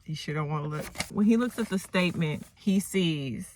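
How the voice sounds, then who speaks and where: A woman recapping a movie in a casual, rambling way, telling the story with animated asides and exclamations. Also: low voice, moderate pace, slight background noise. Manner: animated storyteller who acts out the characters and exclaims at the plot.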